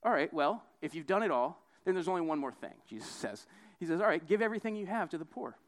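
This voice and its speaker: Expressive and quick, this young man gives a chatty sermon peppered with "right?" He voices the people he quotes, swinging his pitch dramatically as he performs them.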